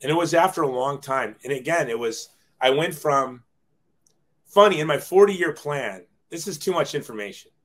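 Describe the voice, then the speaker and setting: A man's voice: fairly high pitch, expressive, moderate pace, fairly bright tone. A man in his forties, a guest telling his life story in a casual, self-deprecating way, often acting out quoted dialogue.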